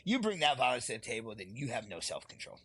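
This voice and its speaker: A man's voice: mid-range voice, sing-song, fast, pushed and bright, breathy edge. A retired Marine sergeant, a man, is a podcast guest telling war stories in a blunt, profane way and often laughing while he talks. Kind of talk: candid storytelling interview.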